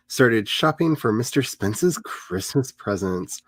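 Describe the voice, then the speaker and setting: A man's voice: medium pitch, animated, unhurried, dry recording. Rambling, joking man hosting a stream. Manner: rambling and self-mocking, prone to jokes and asides. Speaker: livestream host. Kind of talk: casual chat during a writing sprint stream.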